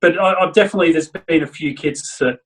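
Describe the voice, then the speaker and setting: A man's voice: on the high side, quick pace, distant mic, poor audio. A man being interviewed about his drumming. He answers in a laid-back, hesitant way in casual chat. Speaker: guest drummer.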